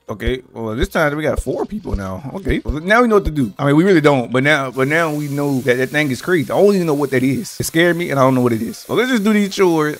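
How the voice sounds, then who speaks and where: Guy playing a scary game, voice jumping all over, jumpy and scared, talks to chat, some music under it. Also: on the high side. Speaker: gaming YouTuber. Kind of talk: casual gameplay commentary.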